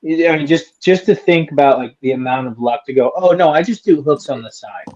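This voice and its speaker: A man hosting a casual podcast, reacting with excitement to his guest's story. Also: a little high, a little fast. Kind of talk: casual interview chat. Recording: dull, slightly distant mic.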